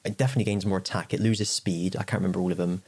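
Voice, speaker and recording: A man's voice: sits low, fairly even intonation, racing, darkish tone, breathy edge. A man co-hosting a casual podcast chat, jokey and chatty, laughing often. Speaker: podcast co-host.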